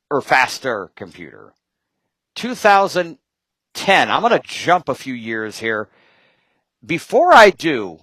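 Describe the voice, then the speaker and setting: A man talking as a guest in casual chat, rambling from point to point with quick asides and jokes. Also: fairly high pitch, fairly bright tone, no echo, rough recording.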